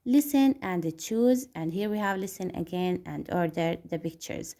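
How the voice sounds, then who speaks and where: A woman teaching an English lesson to young pupils. She speaks slowly, repeats key words and switches into Arabic to explain. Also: lowish voice, lively intonation, warm tone. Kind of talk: online classroom lesson.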